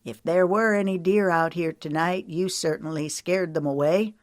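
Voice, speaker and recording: A woman voicing a gentle young southern farmer who speaks slowly and earnestly. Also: on the low side, fairly even intonation, no room sound, clean studio sound, natural voice.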